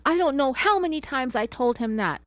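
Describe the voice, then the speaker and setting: An accused wife under questioning, played by the narrator herself screams her denials in a pitched-up, strained voice. She insists over and over. The recording is dry and close. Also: lively intonation, moderate pace, no room sound. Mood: defensive, insistent. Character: defensive woman under interrogation, accused wife.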